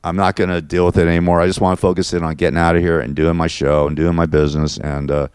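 Low-voiced guy ranting on and on, smooth clear voice, dry close sound. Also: little pitch movement, quick pace, darkish tone, no room sound. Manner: frustrated, repetitive, venting. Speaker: show host. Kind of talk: casual rambling monologue.

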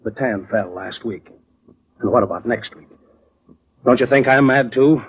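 An actor playing a sardonic, persuasive insurance company owner in a 1940s radio drama. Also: male voice, mid-range voice, unhurried, husky. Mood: firm. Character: Mister Evans, insurance company owner, sharp-tongued boss. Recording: dull old radio recording.

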